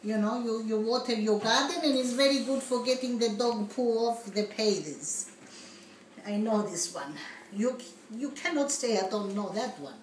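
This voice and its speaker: Here a woman's fairly high voice, at normal speed and close to how she'd normally talk, portrays a flustered migrant in an immigration interview for a comedy sketch. Expect giggly, excitable broken English riddled with malapropisms, recorded distantly with roomy echo and faint noise.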